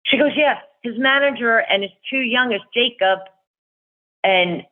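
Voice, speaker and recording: A woman's voice: on the high side, a little slow. A middle-aged woman in casual chat, telling a rambling fan story and acting out the voices of the people in it. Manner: chatty storyteller, acts out quoted voices. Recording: tinny phone line.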